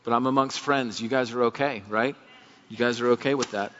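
An earnest male pastor preaches with fervor and keeps asking his congregation rhetorical questions. His voice sits at an average pitch and carries a long reverb from the sanctuary. The recording sounds dull and lo-fi. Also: steady tone, brisk, fairly bright tone, slight background noise. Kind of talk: sermon. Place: church sanctuary.

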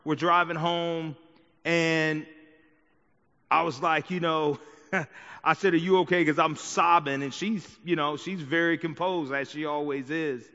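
Pastor, male, bright forceful voice, casual preaching style, church hall echo, slightly dull recording. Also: a little high, steady tone, slow. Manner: conversational preaching with frequent "right?" and "okay?" asides. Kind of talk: sermon. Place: church sanctuary. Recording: dull sound with long hall reverb.

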